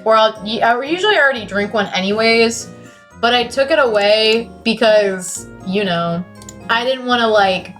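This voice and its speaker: A teenage woman streaming, chatting casually and excitably, cursing often and swinging from loud outbursts to mumbles. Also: fairly high pitch. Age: late teens. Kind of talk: casual chat.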